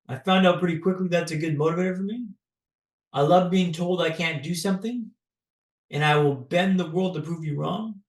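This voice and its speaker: A man from Canada, a podcast guest, telling a personal story in a dramatic, paced way with pauses. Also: high voice, roomy sound.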